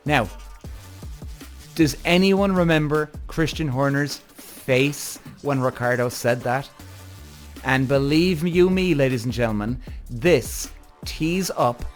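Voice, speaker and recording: A man hosting a podcast, reacting to a TV show in an excitable way, swearing freely and jumping up and down in pitch. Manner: excitable, profane, big pitch swings. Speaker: podcast host. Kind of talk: TV reaction commentary.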